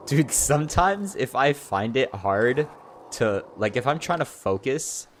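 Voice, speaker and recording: A man's voice: medium pitch, lively intonation, a little slow, a little hiss or hum. A young man chatting casually on a livestream, rambling and filling his talk with "like" and "you know". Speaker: streamer.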